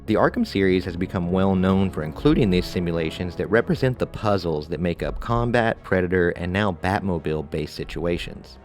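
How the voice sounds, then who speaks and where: Deep-voiced male game reviewer. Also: brisk, hardly any pauses, faint music behind. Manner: relaxed, conversational with casual asides. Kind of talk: scripted review narration.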